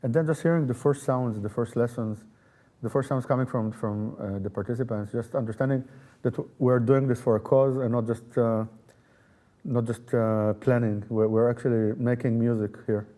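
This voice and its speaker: Man, artistic director, interview answers, mellow warm tone, thoughtful, fillers and restarts. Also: medium pitch, steady tone, normal speed. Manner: thoughtful, with frequent fillers and repeated words. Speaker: festival artistic director and pianist.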